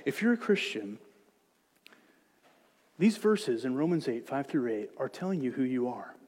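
A man preaching a sermon as pastor, moving between hushed, gentle reassurance and loud, emphatic exhortation. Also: mid-range voice, very animated, normal speed, breathy edge, big-room sound. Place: church sanctuary.

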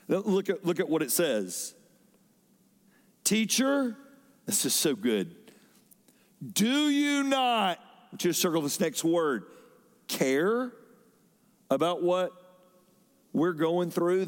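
A man preaching a sermon as a pastor, with dynamic delivery that swings between loud emphasis and soft drops. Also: a little high. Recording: long hall reverb.

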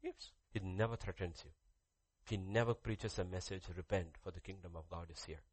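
A man's voice: sits low, normal speed, breathy edge, dry recording. A man preaching a sermon, repeating key phrases and putting questions to the congregation. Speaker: pastor.

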